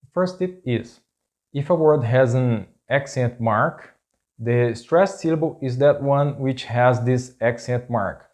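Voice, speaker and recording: A man's voice: mid-range voice, takes it slowly, a little mellow. A man with a Brazilian Portuguese accent teaching a language lesson, carefully repeating example words.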